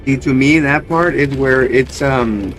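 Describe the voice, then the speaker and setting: A man's voice: mid-range voice, measured pace. A man with a mid-range voice talks easily with friends and slips between English and Spanish. Faint music sits underneath. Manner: mixes English and Spanish, relaxed. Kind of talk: casual chat.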